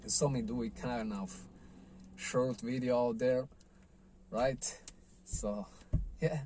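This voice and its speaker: A man's voice: mid-range voice, fairly even intonation, takes it slowly, darkish tone, a little hiss or hum. A man telling a personal surfing story in a loose, rambling vlog style, full of "like" and "you know". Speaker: surfing vlogger.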